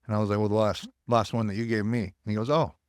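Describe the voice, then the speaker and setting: A U.S. army veteran appearing on a podcast talks fast in a low, slightly mellow, level voice, blunt and foul-mouthed, acting out quoted voices. The tone is clean, studio-quality, with no room sound.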